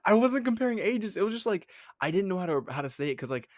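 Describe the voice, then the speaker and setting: A young man co-hosting a podcast, talking in an animated, rambling way with lots of fillers and laughs. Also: high-pitched, fast, no echo, studio quality. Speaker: podcast co-host, head of talent. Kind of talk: casual chat.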